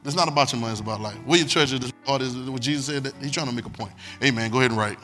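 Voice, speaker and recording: A man's voice: medium pitch, racing, sharp tone, faint music behind. A man a sermon as pastor, emphatic and repetitive, calling on the congregation to listen. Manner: emphatic, repetitive preaching with call-and-response.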